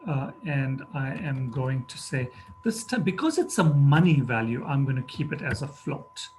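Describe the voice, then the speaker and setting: At a computer, a man narrates a screen-recorded coding tutorial, methodically talking through each step of the programming lesson as he types. His mid-range voice is animated and darkish, at a moderate pace, with slight background noise.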